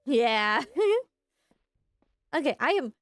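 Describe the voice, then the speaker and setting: A woman's voice: on the high side, expressive, drawn-out words, fairly bright tone, dry recording. A woman from Texas with a Southern accent, chatting and swearing casually as she plays a game and voices its characters. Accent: Southern American. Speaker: streamer.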